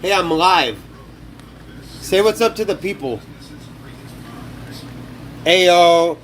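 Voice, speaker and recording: A man's voice: sits high, sing-song, measured pace, fairly bright tone, a little hiss or hum. A young man live-streaming from his kitchen on his phone, talking rowdy and profane while he cooks. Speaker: livestreamer. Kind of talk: casual live-stream talk while cooking.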